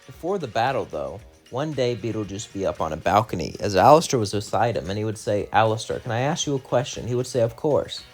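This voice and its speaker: Low-voiced young man rambling through a fan story. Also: lively intonation, fast, few pauses, faint music behind. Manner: loose run-on narration, many "as" and "would say" links; chatty and rambling in the outro, many fillers. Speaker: channel narrator. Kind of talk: casual fan-fiction storytelling.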